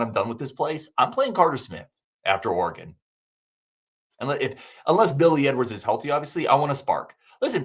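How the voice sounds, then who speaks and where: A man's voice: medium pitch, fairly bright tone. A man hosting a sports podcast, talking in an exasperated, emphatic way and often restarting his sentences. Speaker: podcast host. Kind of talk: opinionated sports podcast talk.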